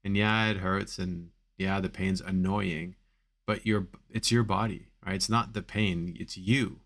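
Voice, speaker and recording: A man's voice: sits low, steady tone, measured pace, fairly bright tone. A man coaching on back pain in a live Q&A stream, talking casually with many fillers and repeated phrases for emphasis.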